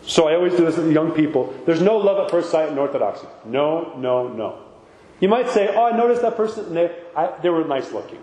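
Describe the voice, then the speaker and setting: Male priest, casual sermon delivery with rhetorical asides; higher-pitched, roomy reverberant hall. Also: animated, a little fast, warm tone. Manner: conversational, rhetorical "right?" asides. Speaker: Orthodox priest. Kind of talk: informal sermon talk. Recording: echoey hall with long reverb.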